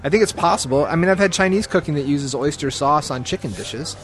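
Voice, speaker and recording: A man's voice: a little high, animated, fast. A man co-hosting a casual comedy podcast, talking emphatically and with enthusiasm. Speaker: podcast co-host.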